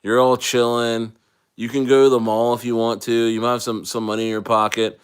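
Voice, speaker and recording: A man's voice: medium pitch, flat delivery, a little fast, clean tone. A man chatting casually on a livestream, loose and rambling with jokes and restarts, a little tipsy from wine. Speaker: crypto livestreamer.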